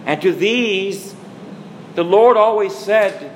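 A man preaches a sermon as a priest in a slow, measured cadence. His pitch sits in an ordinary middle range. A faint hum of room ambience lingers behind his voice. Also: expressive, rough recording. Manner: slow, measured preaching with dramatic quoted lines.

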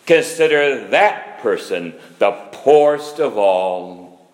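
A man preaching a sermon, slow and emphatic, with sudden rises and drops in pitch and loudness. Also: very animated. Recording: echoey hall.

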